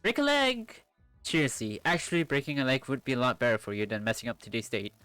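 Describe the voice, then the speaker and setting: A woman's voice: a bass voice, expressive, quick pace, a bit bright, no room sound, soft background music. A streamer voicing a cheeky young woman producing a dating show, teasing and perky. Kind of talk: visual novel read-aloud.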